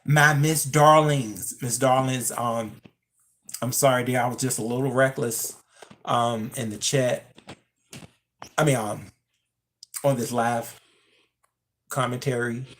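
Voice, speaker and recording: A live-stream commentator talking casually into a phone, chatting straight to the viewers and jumping up in pitch when teasing them. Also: level tone, takes it slowly, long pauses, a little hiss or hum.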